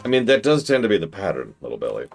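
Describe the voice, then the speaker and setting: Deep-voiced, animated male streamer. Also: racing, soft background music. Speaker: streamer host. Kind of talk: casual commentary stream.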